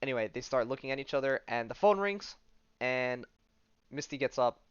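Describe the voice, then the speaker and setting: A man's voice: mid-range voice, animated, moderate pace, smooth, no room sound, highs cut off. Rambling man recapping a comic. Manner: rambling, full of "like" and "um", paraphrases dialogue loosely. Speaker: podcast host. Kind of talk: casual comic-book recap.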